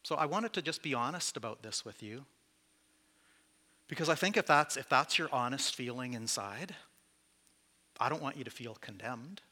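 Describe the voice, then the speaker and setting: A man's voice: medium pitch, animated, moderate pace, pauses often, sharp tone. A man preaching as pastor to his church, candid and conversational, with self-deprecating asides. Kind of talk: sermon.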